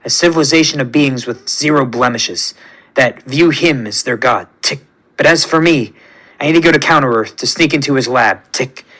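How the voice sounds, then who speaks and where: A man's voice: mid-range voice, moderate pace, fairly bright tone, pitched below the performer's own voice, lightly acted, low-quality recording. A man voicing a male insect-like alien creation whose speech is broken by clicking ticks. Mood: determined.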